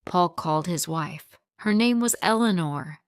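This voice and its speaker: Female storyteller for English learners: very slow, simple sentences, a slightly low, smooth voice. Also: animated, background noise. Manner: very simple, short sentences, read slowly. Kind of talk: first-person scripted narration for learners.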